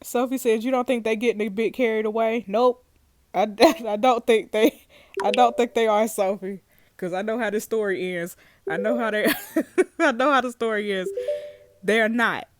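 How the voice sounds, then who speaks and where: A woman's voice: a little high, normal speed, no echo, studio quality. A young woman hosting a let's play, reading messages aloud and reacting with laughter and slang. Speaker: gaming host.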